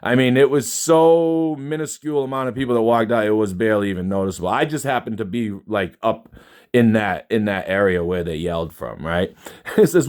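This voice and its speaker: A man's voice: fairly low pitch, fairly quick, darkish tone, clean tone. A man in a casual spoken rant, emphatic and profane, dismissive and often restarting his sentences. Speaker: concertgoer recounting a show.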